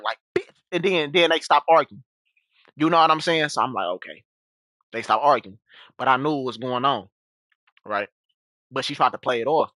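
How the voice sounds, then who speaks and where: A man's voice: fairly high pitch, pushed and bright, no echo, studio quality. A young man streaming and casually telling a story to his chat, rambling with many restarts and asides.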